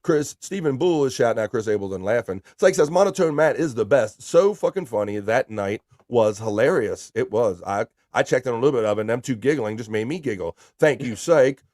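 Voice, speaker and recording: A man's voice: mid-range voice, animated, brisk, hardly any pauses, no echo. Man hosting a casual livestream, dry sound. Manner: loose and profane, shouting out chatters by name. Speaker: livestream host. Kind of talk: casual livestream chat, reading viewer comments aloud.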